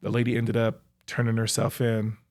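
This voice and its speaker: A young man, a professional athlete, reflectively recounting his own life story in a halting way, with frequent fillers. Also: fairly low pitch, monotone, darkish tone. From United States. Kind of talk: personal storytelling.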